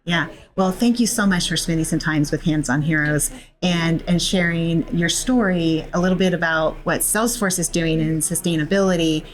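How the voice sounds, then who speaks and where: A woman hosting a casual interview, upbeat and quick to affirm what her guest says. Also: lowish voice, steady tone. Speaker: interview host.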